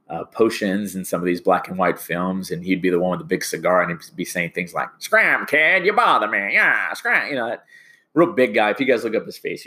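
A man with a fairly low voice teaching a class. He rambles and stumbles over restarts as he walks through the lesson. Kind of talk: classroom lecture.

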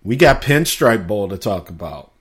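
A man's voice: fairly low pitch, big pitch swings, moderate pace. A man hosting a casual sports talk show, chatty and laid-back, with a slightly scratchy throat. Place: home studio.

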